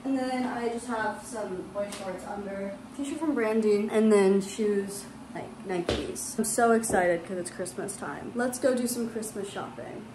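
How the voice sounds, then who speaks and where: A young woman chatting quickly and brightly in a casual vlog at home. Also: mid-range voice. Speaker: vlogger. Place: home and stores. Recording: echoey room with noise.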